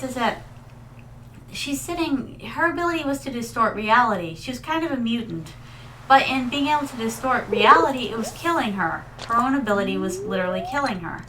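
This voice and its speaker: A woman's voice: fairly high pitch, background noise. A woman Vtuber streamer chatting casually and rambling through stories while playing, calling her viewers her darlings. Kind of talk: casual gaming livestream chat.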